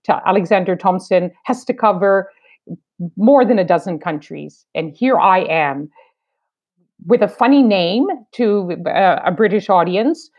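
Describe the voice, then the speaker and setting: Measured Canadian woman, wry storyteller. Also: mid-range voice, lively intonation, darkish tone. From New Brunswick, Canada. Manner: measured, wry, deliberate phrasing. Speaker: foreign correspondent, guest. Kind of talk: reflective interview talk. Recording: slightly dull lo-fi sound.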